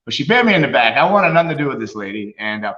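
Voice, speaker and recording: Animated man telling wrestling stories, roomy sound. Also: mid-range voice, very fast, lo-fi sound. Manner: animated storyteller, laughs often, acts out quotes. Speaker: guest, retired wrestler. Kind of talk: casual storytelling interview.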